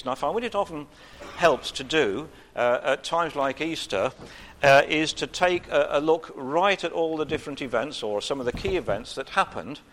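Male preacher, chatty informal sermon, light humor, unhurried pauses. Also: mid-range voice. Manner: conversational, pauses with uh, gentle humor.

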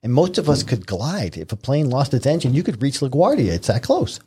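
A middle-aged man from New York, a podcast guest, telling stories in a vivid, animated way. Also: mid-range voice, a little fast, slightly rough. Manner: vivid, animated retelling with acted-out quotes. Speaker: guest, retired Marine helicopter pilot. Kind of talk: conversational storytelling.

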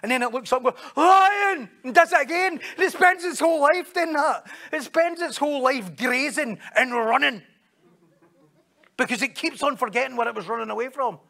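A Scottish man delivers a lively sermon to a congregation in a high, gravelly voice, speaking a little fast. He tells stories, cracks jokes along the way, and acts out the people he quotes.

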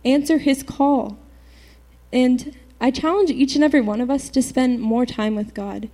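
An earnest teenage girl shares her faith testimony with a church group. She talks in a halting way, full of fillers and restarts. Her voice sits a little high but has a warm, mellow tone. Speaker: youth speaker giving a testimony.

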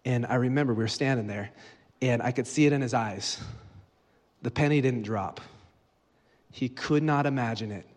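Guest preacher, male, animated storyteller, medium voice, long reverb in a church hall. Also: mid-range voice, normal speed, long pauses. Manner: storytelling, acting out dialogue with rising energy. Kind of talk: sermon.

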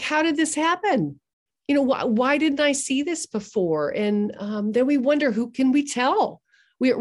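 A woman guest on a podcast, telling a story in an earnest, measured way with pauses. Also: fairly high pitch, darkish tone. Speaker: guest therapist. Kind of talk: podcast interview.

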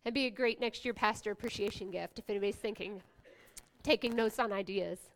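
A woman pastor preaching a sermon, swinging from hushed whispers to loud exclamations, with playful asides to the congregation. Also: medium pitch, a little fast.

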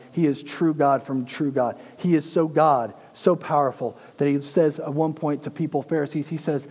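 A man in his thirties preaches with intensity, dropping to near-hushed tones and rising to emphatic peaks. His voice sits a little high but sounds mellow and husky. A long reverb trails after him, as in a large hall. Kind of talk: sermon.

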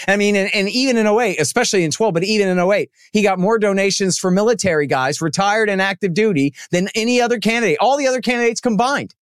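Animated man, somewhat high voice. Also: fast talker, hardly any pauses, dry recording, clean studio sound. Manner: animated, emphatic, acts out quoted people in his stories. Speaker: podcast guest, antiwar writer. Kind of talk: casual interview talk.

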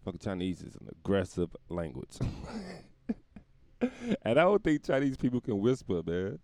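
A man's voice: sits low, sing-song, moderate pace, creaky, a little mellow, no room sound. A man hosting his own podcast, rambling through a profane comedic monologue and laughing at his own jokes. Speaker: podcast host.

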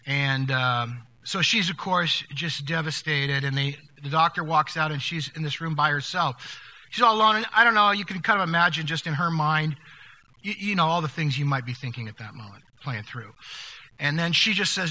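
An older man preaching a sermon, telling stories in a conversational way with many restarts, going quiet at the sad moments. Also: fairly high pitch. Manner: conversational, halting with restarts, drops to hushed tones for sad moments. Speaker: pastor. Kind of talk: sermon storytelling.

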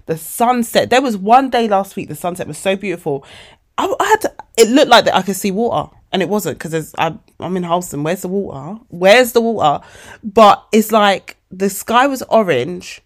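Animated forty-year-old woman podcaster. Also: mid-range voice, moderate pace. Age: 40s. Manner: animated, emotional, addresses listeners as babes. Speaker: podcast host. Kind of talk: casual motivational monologue.

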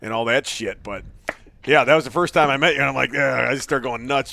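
Rowdy, gravelly man laughing loud. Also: medium pitch, a little fast, no room sound. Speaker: guest. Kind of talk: casual profane chat.

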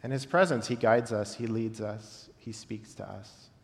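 A man's voice: lowish voice, fairly even intonation, creaky. Man preaching in a reverberant hall. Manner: reflective, with long pauses and softly dropped phrase ends. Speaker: pastor. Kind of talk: sermon. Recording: long reverb of a large hall.

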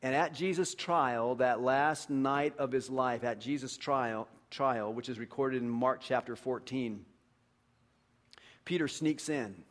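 A man's voice: mid-range voice, slow. A man preaching a sermon in a conversational storytelling way, acting out the voices of the characters in his stories. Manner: animated, acts out voices, conversational.

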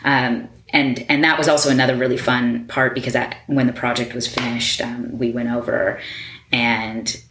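Very low-voiced chatty woman, roomy sound. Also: flat delivery, normal speed, fairly bright tone, a little hiss or hum. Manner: chatty, many fillers like "like" and "you know"; laughs easily. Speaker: interior designer guest. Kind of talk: casual interview talk. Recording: roomy echo.

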